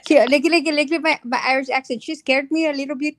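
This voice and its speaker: A woman doing a jokey irish accent, high and playful. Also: a little fast, slight background noise, natural voice. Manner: playful, self-mocking.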